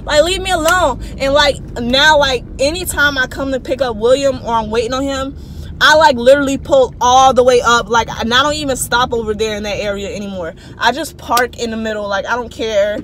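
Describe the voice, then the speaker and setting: A young woman vlogger in her twenties telling a story in a casual, animated, slangy way, calling viewers y'all. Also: on the high side, brisk, slight background noise. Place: walking outdoors, then her closet at home.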